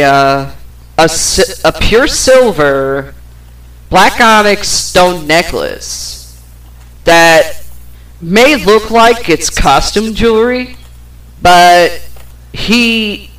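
A woman's voice: fairly low pitch, a bit bright, low-quality recording. A woman hosting a podcast, telling a personal story in a casual, rambling way with plenty of swearing. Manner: rambling, profane, with fillers and laughs. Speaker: podcast host.

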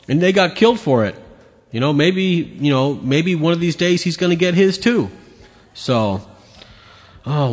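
Man, podcast host, profane rant, sarcastic, reverberant sound. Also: mid-range voice. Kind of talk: opinionated solo rant.

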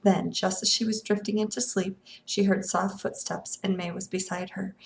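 A woman reads a novel aloud in an expressive storytelling manner. Her voice sits at a middle pitch and has a gravelly texture. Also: normal speed, hardly any pauses, a little hiss or hum. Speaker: reader of a novel.

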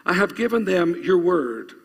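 A man's voice: sits high, sing-song, normal speed, gravelly, breathy edge. A male pastor preaching a sermon, reading scripture aloud and urging the congregation to repeat lines after him. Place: church. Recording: long reverb of a church hall.

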